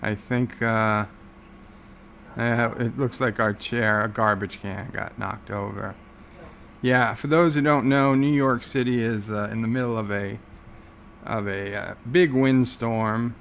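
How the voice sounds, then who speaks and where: Male livestream host, gravelly, slow-talking, sarcastic rambler, faint hum in the room. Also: mid-range voice, fairly even intonation, a bit bright. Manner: rambling, sarcastic, many filler words. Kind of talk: casual livestream chat.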